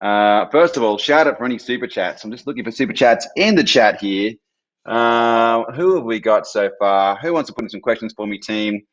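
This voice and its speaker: A man's voice: lowish voice, expressive, moderate pace, dull audio. A man hosting a live stream, chatty, reading out viewer questions.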